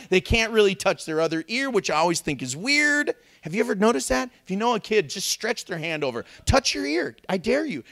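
Man, pastor, sermon, high voice, lively swooping pitch, joking asides. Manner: animated, joking, acts out babies and critics.

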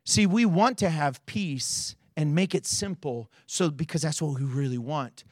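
A man preaching a sermon as a pastor in a church, animated and acting out quotes with big swings in his voice. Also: on the high side, a little slow, no echo, clean studio sound.

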